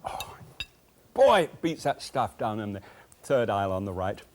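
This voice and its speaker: A man's voice: fairly low pitch, big pitch swings, normal speed, darkish tone, a little hiss or hum. A man hosting a cooking show, chatting enthusiastically and telling folksy anecdotes from a TV kitchen set. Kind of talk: cooking show chat and storytelling.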